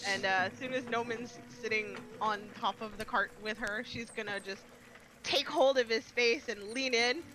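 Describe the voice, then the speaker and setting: A woman playing in a casual tabletop game. She is excitable, swears freely and slips into character voices. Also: fairly high pitch, moderate pace, background noise. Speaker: player.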